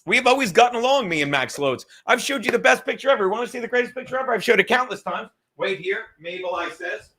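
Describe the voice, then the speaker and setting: A man hosting a live stream, rambling loudly and profanely from topic to topic in casual chat. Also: high-pitched, lively intonation, fast talker, few pauses, breathy edge. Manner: loud, rambling, profane, jumps between topics.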